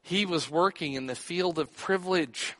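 A man's voice: on the high side, normal speed, fairly bright tone, in a large hall. A man preaching a sermon, teaching and putting questions to his listeners. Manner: teaching, asks the audience questions.

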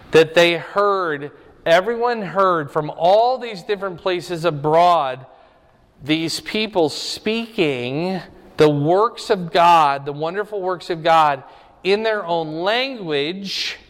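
A middle-aged man preaching a Bible lesson in a conversational way, asking his listeners questions. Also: a little high. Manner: conversational, asks the audience questions. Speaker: pastor. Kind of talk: Bible teaching to a congregation. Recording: long hall reverb.

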